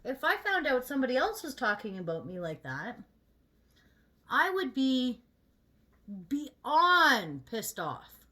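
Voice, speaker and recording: A woman's voice: sits high, sing-song, takes it slowly, long pauses, sharp tone. A woman vlogger chatting casually while she gets ready, venting in a candid and emphatic way.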